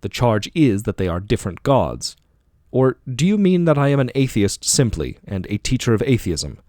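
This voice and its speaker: Man voicing an aging philosopher, rhetorical questioning, animated delivery, dry close recording. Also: medium pitch, normal speed, no room sound, natural voice. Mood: probing. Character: aging male philosopher arguing in court, ironic. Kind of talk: audiobook dialogue reading.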